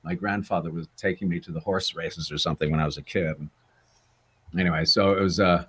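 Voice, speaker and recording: An older actor being interviewed, chatting in a rambling, self-deprecating way. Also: male voice, sits low, fairly even intonation, fairly quick, fairly bright tone, breathy edge. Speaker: guest actor. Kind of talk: casual interview chat.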